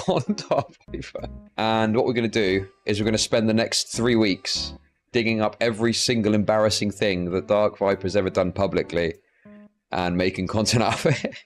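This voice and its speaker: A man hosting a live stream, ranting and mocking in a profane, laughing way while reacting to clips. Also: fairly low pitch. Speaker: streamer host.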